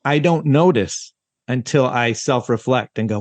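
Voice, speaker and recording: A man's voice: medium pitch, a little slow, no room sound. A man talking casually as a podcast guest, rambling and self-mocking, with many restarts. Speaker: ADHD coach and podcast guest.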